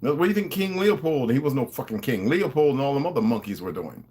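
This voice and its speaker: Man, ranting, lecturing, confrontational, swooping animated pitch. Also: fast talker. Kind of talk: profane ranting monologue.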